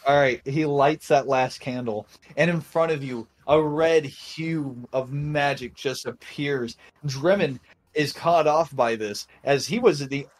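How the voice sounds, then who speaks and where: A young man narrating as game master in a casual tabletop game, with frequent fillers and pauses. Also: medium pitch.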